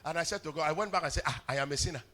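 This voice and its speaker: A male pastor preaching a sermon in church, telling stories, often stammering on words and building up to shouts. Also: fairly high pitch, very fast. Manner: storytelling preacher, rising to shouts, stammered repeats. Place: church hall.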